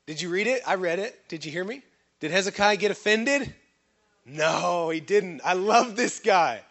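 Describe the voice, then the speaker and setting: A man with a high voice preaches a lively sermon. He keeps throwing questions to the congregation and waits for them to answer. Now and then he acts out other people's voices with sudden leaps in pitch. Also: normal speed. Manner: animated preaching with call-and-response questions to the congregation. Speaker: pastor.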